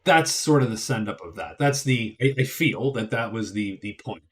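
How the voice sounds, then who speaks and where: A man's voice: fairly low pitch, expressive, moderate pace, fairly bright tone. Rambling, chatty man reviewing a movie. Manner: rambling, chatty, frequent restarts and asides. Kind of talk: casual spoken movie review.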